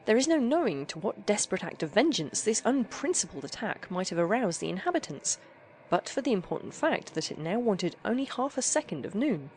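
Animated woman reading a story aloud. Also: mid-range voice, fairly quick, a little hiss or hum. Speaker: narrator.

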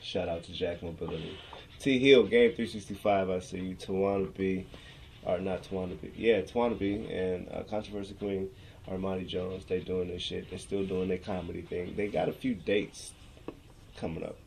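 A man's voice: low voice, fairly even intonation, normal speed, creaky, darkish tone, a little hiss or hum. A man co-hosting a podcast in casual banter, brash and teasing, swearing often. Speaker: podcast co-host.

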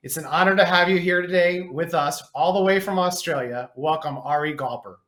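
A man hosts an interview show and introduces his guest with admiration. His voice runs fairly high, and the room around him echoes. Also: brisk, a bit bright. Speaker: podcast host. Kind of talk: interview hosting.

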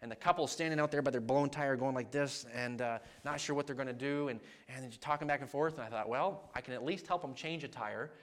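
A man preaching as a traveling evangelist, telling a personal story and acting out the dialogue with lively energy. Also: medium pitch, fast talker, hardly any pauses. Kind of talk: storytelling sermon.

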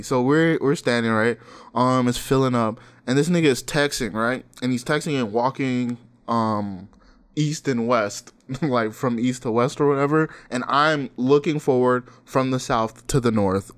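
Young male co-host, loose storyteller who laughs a lot and acts out what others said. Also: normal speed. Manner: animated, laughing, acts out quotes with sudden pitch jumps. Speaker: podcast co-host. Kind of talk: casual storytelling chat.

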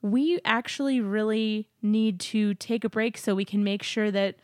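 An upbeat woman co-hosting a podcast, chatting casually from a home studio. Her voice sits at an ordinary middle pitch, and the sound is close and dry with no room echo. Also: steady tone, a little slow. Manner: chatty, upbeat, laughs often. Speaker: podcast co-host. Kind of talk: casual chat. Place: new apartment studio.

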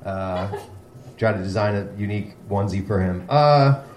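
A man's voice: lowish voice, moderate pace, a little mellow, slight background noise. Playful man emceeing a comedy show. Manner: playful, mock-grand announcer. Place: comedy club stage. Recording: echoey room, faint ambience.

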